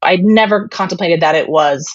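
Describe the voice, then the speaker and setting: A woman's voice: lowish voice, moderate pace, no echo, lo-fi sound. A woman guest candidly recounting a family story, retelling conversations with lots of fillers. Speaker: interview guest. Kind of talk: personal storytelling.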